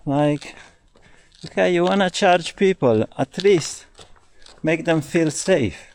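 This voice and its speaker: A man's voice: a little high, slow pace, darkish tone. Grumbling man with an Italian accent. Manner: grumbling, swearing, talking to camera. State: hot and tired. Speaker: cycling vlogger. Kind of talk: casual travel vlog. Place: outdoors at ruins.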